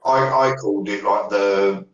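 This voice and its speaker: A man's voice: steady tone, unhurried, fairly bright tone, highs cut off. A man, telling ghost stories in a rambling podcast chat, trailing off and restarting. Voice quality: deep voice. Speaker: paranormal investigator guest. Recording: echoey room, far from the mic.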